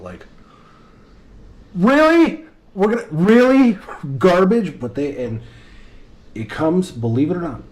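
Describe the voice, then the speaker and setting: A man's voice: mid-range voice, warm tone. A middle-aged man, an airline pilot, talking earnestly and reflectively to his daughters in a loosely rambling vlog monologue.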